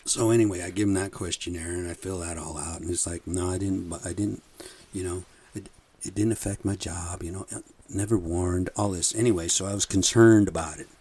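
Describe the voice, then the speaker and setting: A man's voice: sits low, fairly even intonation, brisk, darkish tone, breathy edge. A man hosting a podcast, telling a rambling, profane story in a casual monologue with frequent chuckles. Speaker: podcast host.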